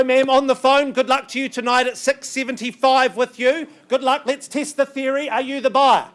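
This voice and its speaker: A man working as an auctioneer, calling bids in a brisk, coaxing patter with banter, his voice strained and getting worn. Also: very high-pitched, fairly bright tone. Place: auction room.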